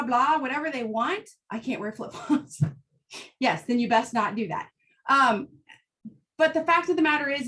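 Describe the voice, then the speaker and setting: A high-pitched woman talks casually and with real fire, driving home her points bluntly. She keeps asking "right?" to pull her listeners along. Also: fairly bright tone. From United States. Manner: fired-up, blunt, emphatic with frequent "right?". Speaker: host. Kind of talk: casual motivational talk.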